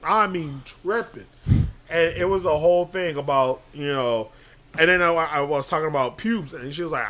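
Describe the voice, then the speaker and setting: Man, podcast co-host: high, bright voice, profane, animated storyteller who acts out the quotes. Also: normal speed.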